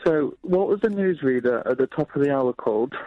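Phone-in caller: man, relaxed and plain-spoken, mid-range voice, dull dry phone line. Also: medium pitch, a little fast, dry recording. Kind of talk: phone-in call.

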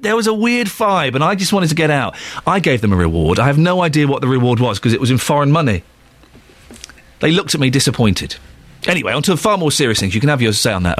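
A man's voice: mid-range voice, dry recording. An English man presenting a breakfast radio show, chatty and jokey, rambling into anecdotes with restarts. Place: radio studio. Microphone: studio microphone.

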